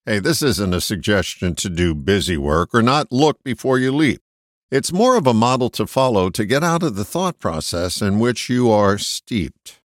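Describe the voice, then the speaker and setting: A man reading a short reflective essay in a measured, emphatic way. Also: lowish voice, no room sound, clean studio sound. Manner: measured, emphatic, lively intonation. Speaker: host of a short reflective segment. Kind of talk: read personal essay.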